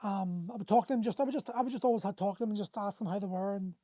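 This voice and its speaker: Hosting a men's coaching livestream, a man in his forties races through an earnest, impassioned motivational talk, answering viewer comments and restarting his sentences often. His high voice is mellow and soft-edged, picked up close and dry by a phone or webcam with no room echo.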